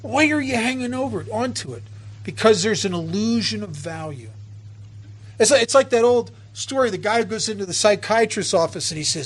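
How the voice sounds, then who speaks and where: A man's voice: sits high, animated, a little fast, husky. A man speaking at a recovery meeting, telling stories from his own life in an earnest way with many restarts. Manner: earnest, storytelling, frequent restarts. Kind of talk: personal talk at a meeting.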